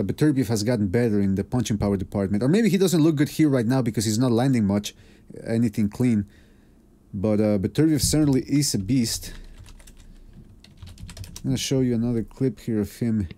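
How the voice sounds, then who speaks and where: A man's voice: mid-range voice, dark tone. A man hosting a live podcast in casual chat, laid-back and rambling with plenty of fillers. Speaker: podcast host.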